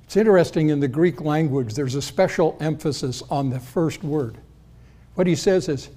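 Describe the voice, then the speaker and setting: A man with a slightly raised pitch delivers a sermon as pastor. He teaches in an easy, conversational way and turns to the congregation with questions as he explains. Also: a little fast, mellow. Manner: conversational Bible teaching, addresses the congregation directly.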